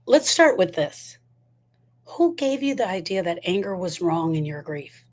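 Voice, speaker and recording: A woman's voice: lowish voice, big pitch swings, unhurried. A woman giving a motivational talk on grief, emphatic and full of repeated rhetorical questions. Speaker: grief educator.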